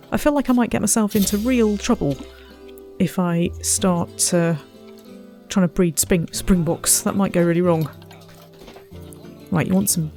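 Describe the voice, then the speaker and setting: A woman's voice: mid-range voice, lively intonation, normal speed, a little mellow, soft background music. Chatty woman playing a game. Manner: chatty, self-mocking, muttering to herself and the animals. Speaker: let's play gamer. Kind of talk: casual gameplay commentary.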